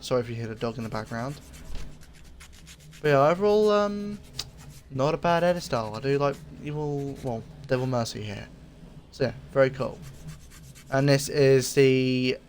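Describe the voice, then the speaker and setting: Male gaming creator, mid-range voice, relaxed rambling review delivery with frequent filler pauses, faint background hiss. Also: mid-range voice. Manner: easygoing and rambling, often pausing with fillers. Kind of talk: casual game item review commentary.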